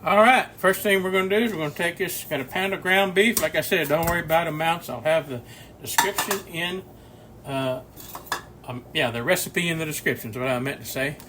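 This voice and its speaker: Man in his 60s, home cooking host, folksy rambling talker, bright tone, faint background noise. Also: fairly high pitch, a little fast. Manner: folksy rambling storyteller, chuckles often. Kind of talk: casual cooking video chat. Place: home kitchen.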